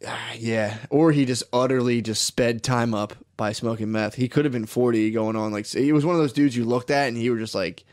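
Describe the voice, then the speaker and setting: A man's voice: mid-range voice, fairly even intonation, brisk, few pauses, darkish tone. Young man telling a story, laughing. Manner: laughing storyteller, heavy swearing, acts out quotes. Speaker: podcast co-host. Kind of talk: casual chat.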